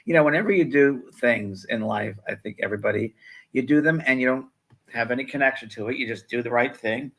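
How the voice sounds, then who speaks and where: A brisk, gravelly, fairly bright mid-range voice belongs to a spiritual medium in his sixties. Co-hosting a live show, he tells stories chattily, playing out the quoted voices.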